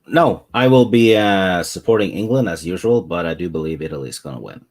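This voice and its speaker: Low-voiced guy cohosting a stream, chill, dry jokes. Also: fairly quick. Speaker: co-host of a live stream. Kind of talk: casual live-stream chat.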